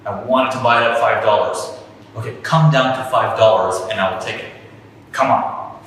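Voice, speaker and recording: A man's voice: fairly low pitch, moderate pace, a bit bright, natural voice. Man acting as an anxious small-time trader. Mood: pleading. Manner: pleading, fretful. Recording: echoey hall from far off.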